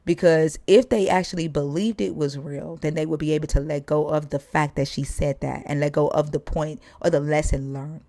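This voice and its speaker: A woman hosts a casual livestream chat, speaking bluntly and swearing freely. Her voice sits low with a gravelly fry. The sound is dry and close. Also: steady tone, normal speed, hardly any pauses, warm tone, no echo. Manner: blunt, profane, laughs often. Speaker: livestream host.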